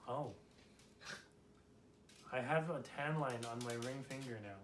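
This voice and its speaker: A young man answering interview questions casually, with joking deadpan quips. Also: mid-range voice, unhurried, recorded from a distance, slight background noise. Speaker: interviewee, dancer. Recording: roomy and off-mic.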